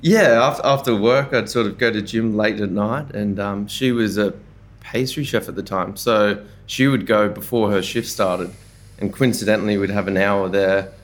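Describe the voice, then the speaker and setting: Easygoing Australian man, low voice. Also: moderate pace. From Brisbane, Australia. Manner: easygoing and chatty, with relaxed slang and frequent fillers. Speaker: chef and podcast guest. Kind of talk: casual conversational interview.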